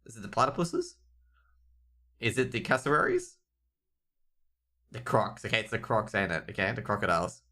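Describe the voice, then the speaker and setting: A man's voice: fairly low pitch, sing-song, moderate pace, pauses often, bright, forceful tone. An Australian man casting a live esports match, rambling and joking with the chat between rounds. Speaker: esports caster.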